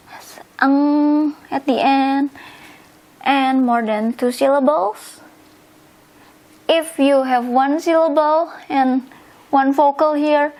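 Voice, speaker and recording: Slow, high-voiced woman teaching vocabulary. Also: darkish tone, poor audio. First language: Indonesian. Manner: repeats words slowly, spells endings out. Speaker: language teacher. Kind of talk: slow instructional explanation.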